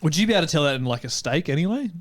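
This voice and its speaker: A man's voice: on the high side, big pitch swings, rapid-fire. A man hosting a podcast, running segments in casual chat. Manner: runs the segment, reads lists. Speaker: podcast host.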